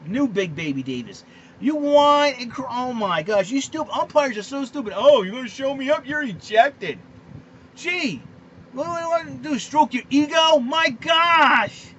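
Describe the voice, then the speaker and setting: A man rants about sports news as a podcast host, getting indignant and stacking up fillers and repeats. His voice sits high and leaps around a lot. The recording is dull and lo-fi with a faint hiss underneath. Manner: excitable, indignant, repeats himself with many fillers. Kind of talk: ranting sports commentary monologue.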